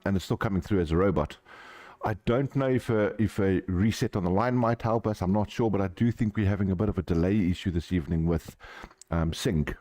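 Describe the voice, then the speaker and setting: A man's voice: on the low side, a little mellow. A man with a South African accent hosting a live sim racing broadcast, upbeat and chatty. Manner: upbeat, chatty, fixing tech issues on air. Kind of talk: live esports commentary.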